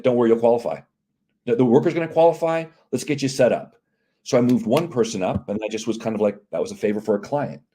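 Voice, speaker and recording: A man with a lowish, mellow voice talks through his business story in a casual interview. He slips into quoted back-and-forth dialogue, doing the other people's lines with lively energy. The tone stays relaxed and conversational throughout. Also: slightly rough. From United States. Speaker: CEO of immigration and employment firm, guest.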